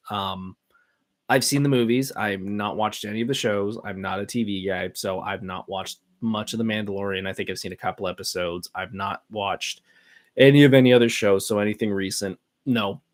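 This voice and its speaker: A man hosting a solo podcast, chatting casually and giving his opinions in a rambling way, with many fillers and restarts. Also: on the low side. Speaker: podcast host.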